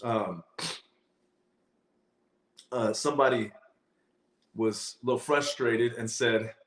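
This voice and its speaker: A man's voice: medium pitch, steady tone, slow, echoey room. A man giving a sermon-style teaching in a conversational way, often checking in with the listeners. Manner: conversational, frequent "um" and "okay?". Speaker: professor and speaker.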